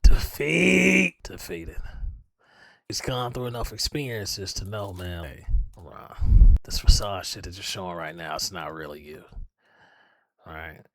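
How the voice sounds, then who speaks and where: A man's voice: low voice, measured pace, long pauses, dry recording. Guy reacting to a clip, laid back, keeps saying right?, dead dry sound. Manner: calm, explanatory, keeps adding "right?". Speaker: reaction channel host. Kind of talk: reaction commentary.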